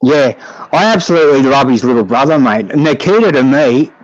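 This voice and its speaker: A man's voice: mid-range voice, expressive, a little fast, no room sound. A man co-hosting, giving firm opinions on boxing with plenty of swearing. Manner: opinionated, sweary, matter-of-fact. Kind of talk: casual boxing chat. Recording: dull lo-fi sound.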